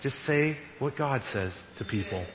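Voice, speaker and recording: A male pastor giving a conversational, animated sermon in a church and laughing now and then at his own jokes. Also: mid-range voice, normal speed, slight background noise. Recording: echoey hall, dull radio-like sound.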